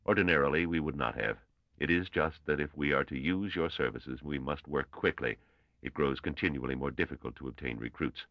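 A man voicing a shrewd, brisk old male mathematician who speaks in clipped, testing commands. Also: rumbling low, no echo, muffled recording. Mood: calm.

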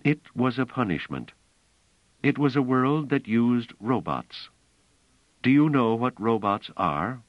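A man voicing a proud, touchy superstitious woman, speaking slowly and emphatically. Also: mid-range voice, lively intonation, dry recording, pitched above the performer's own voice. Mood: intense. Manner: tense, emphatic, slow deliberate delivery. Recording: slightly dull, dry audiobook recording.

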